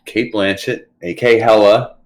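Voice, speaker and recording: A young adult man co-hosting a casual podcast, talking in an animated way and slipping into quick put-on voices. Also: lowish voice. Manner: animated, quotes movie lines in put-on voices. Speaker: podcast co-host. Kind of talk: casual chat.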